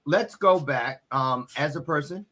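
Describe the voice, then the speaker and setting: Male talk-show host, loose and jokey, bright forward tone. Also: a little high, a little slow. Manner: chatty, joking, many restarts. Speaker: podcast host. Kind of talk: casual interview chat.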